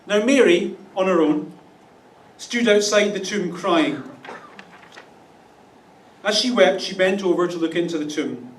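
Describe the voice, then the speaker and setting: Pastor, man, high register, wry comic sermon, distant mic in a roomy hall. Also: a little hiss or hum. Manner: wry, playful asides with mock voices. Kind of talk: humorous Easter sermon. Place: church auditorium. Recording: echoey room, distant mic.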